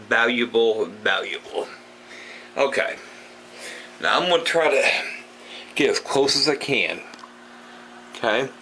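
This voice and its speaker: A man's voice: mid-range voice, bright, forceful tone, slight background noise, low-quality recording. A man hosting a casual fish-keeping vlog, chatty and self-deprecating, talking through what he is doing as he goes. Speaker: fish-keeping channel host.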